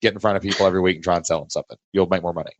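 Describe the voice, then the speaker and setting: A man with a Kentucky Southern accent, hosting a podcast and coaching a guest in an emphatic, energetic way. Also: sits low, rapid-fire, no room sound, highs cut off. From Southern United States. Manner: emphatic, energetic, pushes and challenges. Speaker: podcast host and business coach. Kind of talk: casual coaching chat.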